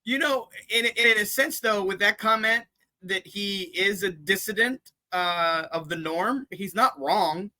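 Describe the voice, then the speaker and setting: A male comedian trades jokes on a podcast and asks his partner probing questions. His voice is high and very bright, with a sharp, forceful edge, and the sound is dry and close to the mic. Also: a little slow, no room sound. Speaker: comedian co-host. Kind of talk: casual comedy podcast chat.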